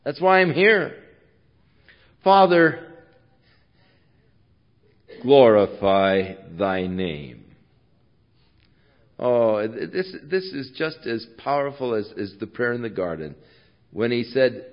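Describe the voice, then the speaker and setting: Slow preacher guy going hushed then loud, kinda muffled old tape sound. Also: mid-range voice, very animated. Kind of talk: sermon.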